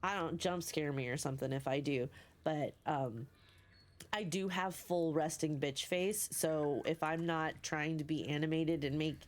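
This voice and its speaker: A woman streaming a game live. She is sleepy and excitable, swears freely and cheers her character on. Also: sits low, unhurried. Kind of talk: casual live gameplay commentary.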